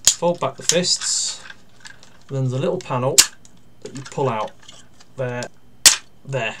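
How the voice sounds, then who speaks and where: Male toy reviewer, mid voice, halting hands-on walkthrough with dry grumbles; steady noise and clicks underneath. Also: medium pitch. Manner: talks through steps while handling a toy, with pauses and fillers; dryly critical and grumbling. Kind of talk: casual toy review and demonstration.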